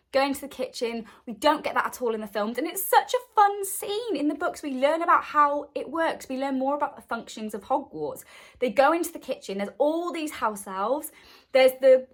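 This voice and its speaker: A woman hosting a podcast, chatting enthusiastically and acting out quotes as she recaps a story. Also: on the high side. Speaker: podcast host. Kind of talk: casual recap chat.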